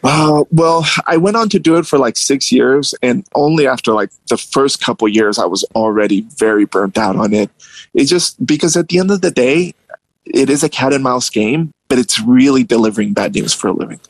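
A young man telling a story casually and animatedly, jumping up in pitch when he acts out other people. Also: moderate pace, no echo, low-quality recording. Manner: animated, acts out voices with big pitch jumps.

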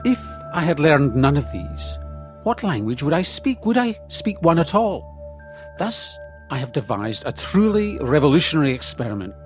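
A medieval king, earnest and grandly wondering. His pitch rises and falls in wide, lively sweeps. The lines come across as scripted radio acting. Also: moderate pace, faint music behind. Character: curious, earnest medieval Scottish king, male.

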